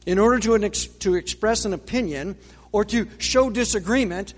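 A man preaching a sermon in a measured way, with dramatic pauses and rhetorical questions. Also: high voice. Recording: long reverb of a large hall.

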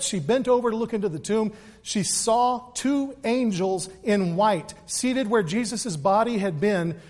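A man giving an earnest Easter sermon as pastor, repeating words and moving between quick asides and slow, weighty emphasis. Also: high voice, darkish tone. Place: church sanctuary. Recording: long reverb of a large hall.

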